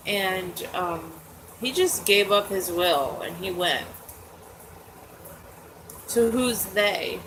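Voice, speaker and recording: A forty-something woman talks openly in a relaxed, rambling way, filling gaps with "like" and "um". Her voice sits at a middle pitch. Clear background noise runs under the recording. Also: slow. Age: 40s. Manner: candid, chatty, lots of "like" and "um". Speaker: host. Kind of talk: casual chat. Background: dogs nearby.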